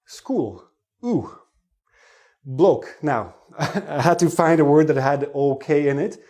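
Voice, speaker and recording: Man, english teacher, pronunciation lesson, chatty, quizzes the viewers, mid-pitched voice. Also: darkish tone. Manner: explains chattily, asks the viewers questions.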